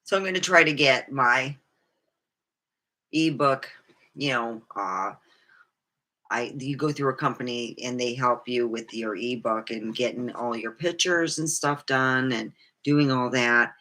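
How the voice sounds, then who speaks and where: A woman's voice: very deep voice, unhurried, sharp tone. A middle-aged woman vlogging candidly about her life, rambling and swearing freely. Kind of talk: personal storytelling monologue.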